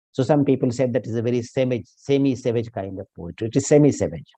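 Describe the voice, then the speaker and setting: A man giving an academic lecture, reciting Urdu verse and explaining it slowly with pauses and fillers. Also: mid-range voice, animated, warm tone, dry recording. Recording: dull lo-fi recording.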